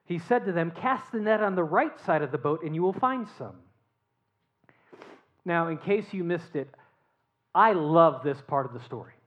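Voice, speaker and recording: A preacher delivers a sermon as lively storytelling, asking the congregation rhetorical questions and then sinking into near-whispered asides. The voice sits at a middling pitch and comes through a dull, muffled recording. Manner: animated storytelling with rhetorical questions, dropping to a hushed tone. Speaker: pastor.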